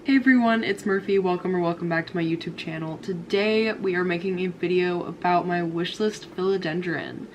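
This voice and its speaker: Young woman, lowish voice, stuffy from a cold, chatty home vlog with faint room hiss. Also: fairly even intonation, brisk, hardly any pauses. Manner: chatty and gushing, frequent "like" and laughs. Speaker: houseplant vlogger. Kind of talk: casual chat to camera.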